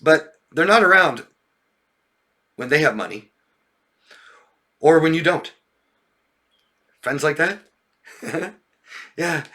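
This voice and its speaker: A man coaching viewers in casual talk, animated, with frequent laughs and checks like "yeah?", mimicking friends in raised mocking voices. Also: on the high side, takes it slowly, pauses often. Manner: occasional swearing. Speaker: relationship coach.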